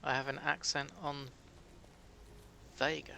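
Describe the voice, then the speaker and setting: A man's voice: a little high, level tone, a little slow, vocal fry, sharp tone, slight background noise. A British man chatting casually with his live-stream chat while playing a game, joking at his own expense. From Britain.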